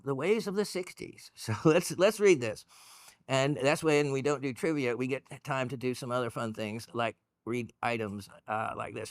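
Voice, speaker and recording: Man, gemstone show host, casual explaining, rambling with ums and restarts, mid-pitched voice, dry close sound. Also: no room sound. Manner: rambling, full of fillers and restarts; chatty and encouraging. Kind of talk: casual educational talk.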